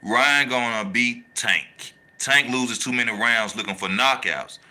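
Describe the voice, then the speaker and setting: A man hosting a casual boxing talk show, animated and slangy, repeating his points for emphasis while he reads the chat. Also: medium pitch, measured pace. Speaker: boxing channel host.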